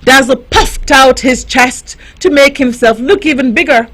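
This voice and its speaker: Female storyteller for children, high-ish voice, unhurried, very expressive. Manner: slow, expressive read-aloud with lively voices. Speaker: youth radio host.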